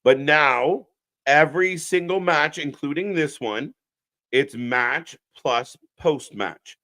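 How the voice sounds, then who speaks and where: A slightly high male voice with a sharp tone speaks slowly while hosting a live wrestling watch-along. Addressing the chat, he riffs bluntly and sarcastically, cursing often, as unscripted alternative commentary.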